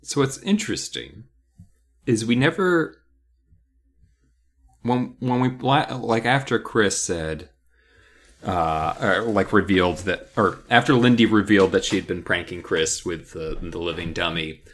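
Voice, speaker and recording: A man's voice: low-pitched, measured pace. A man co-hosting a casual podcast, rambling through his theory with lots of "like" and restarts and poking fun at himself. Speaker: podcast co-host.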